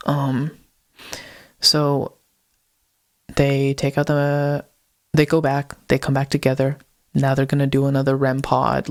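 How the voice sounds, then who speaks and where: A man's voice: mid-range voice, no echo, studio quality. A young man, a podcast co-host, recapping a story casually with lots of "like" and "um". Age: young adult. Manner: rambling, heavy use of "like" and "um".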